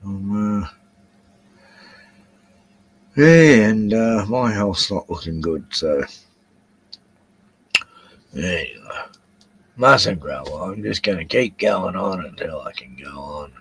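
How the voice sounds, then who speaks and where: A man's voice: deep voice, animated, slow, vocal fry, long pauses, slightly rough, no room sound, poor audio. An older Australian man rambling through a casual solo livestream at home, swearing freely as he drifts between topics. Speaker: livestream host.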